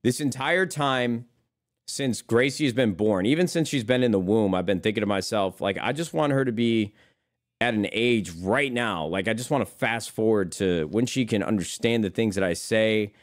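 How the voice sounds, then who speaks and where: A young man talking casually to his live-stream chat in a fairly low voice. He rambles, restarts his sentences and swears freely, calling viewers brother as he thanks them.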